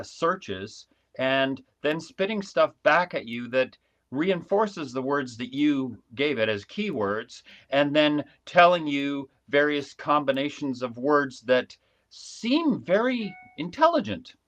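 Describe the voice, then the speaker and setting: A man telling a long story in a casual live video chat from his small dark home studio, with frequent restarts. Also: mid-range voice. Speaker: guest commentator. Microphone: video call.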